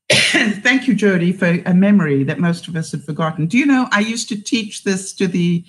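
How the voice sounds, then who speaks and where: A woman's voice: fairly low pitch, lively intonation, moderate pace, poor audio. Chatty, rambling woman livestreaming. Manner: chatty and rambling, laughs often. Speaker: vlogger hosting a livestream. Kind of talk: casual livestream chat, reading viewer comments.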